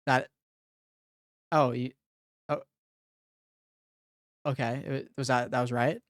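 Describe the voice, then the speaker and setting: Live streamer, casual puzzle-solving chat, thinking aloud, profane banter, unhurried pace, dry close sound. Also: mid-range voice, flat delivery, no echo. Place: home streaming room.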